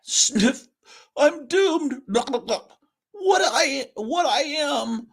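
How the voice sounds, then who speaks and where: A man's voice: very high voice, lively intonation, very slow, fairly bright tone, voice pushed up, full character voice. A man voicing an old washed-up male cat who whines, sniffles and pleads melodramatically in a comic-book reading. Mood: self-pitying.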